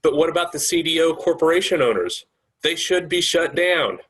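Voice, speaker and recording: A worried village leader presses for answers in an earnest, questioning voice, read by a man. The voice sits a little high for a man, in plain video call sound. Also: lively intonation, normal speed, fairly bright tone.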